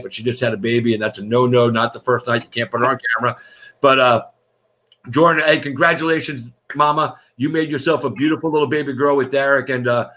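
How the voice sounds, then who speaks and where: A man's voice: mid-range voice, fairly bright tone. A man hosting a casual live-streamed fighter interview show, effusive and rambling, with casual swearing.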